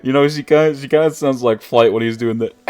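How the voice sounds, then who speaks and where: Laid-back male streamer reading slowly. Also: on the high side, mellow, lo-fi sound. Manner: casual, laughs often, chats with viewers. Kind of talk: reading a visual novel aloud live.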